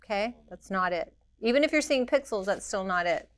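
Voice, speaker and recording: Female instructor, mid pitch, resonant and clean, practical demo delivery. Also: expressive, brisk. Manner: practical, direct, makes sound effects to show rhythm. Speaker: permanent makeup trainer. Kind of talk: hands-on demonstration.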